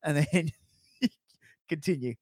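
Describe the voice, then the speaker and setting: A man's voice: on the high side, takes it slowly, no echo, clean studio sound. A young Australian man telling a story in casual podcast chat, laughing and acting out quotes. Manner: animated, laughing storyteller who acts out quotes. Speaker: podcast co-host.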